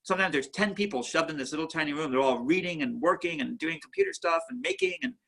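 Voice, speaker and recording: A man who founded a museum chats in an interview at home, an animated storyteller who repeats and restarts his words. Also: on the high side, quick pace, vocal fry. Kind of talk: casual interview chat.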